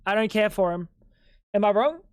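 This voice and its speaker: A man's voice: high-pitched, expressive, normal speed, clean tone, dry recording, studio quality. A young man streaming live at home, bantering with chat in a crude, joking way. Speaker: livestreamer.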